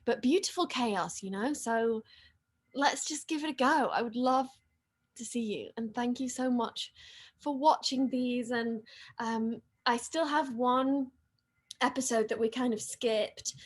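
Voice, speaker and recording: A woman casually chatting with fans on a livestream from her home, excitable and reading comments aloud. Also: fairly high pitch. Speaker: actress hosting a fan livestream. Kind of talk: casual live-stream chat reading comments. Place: living room at home.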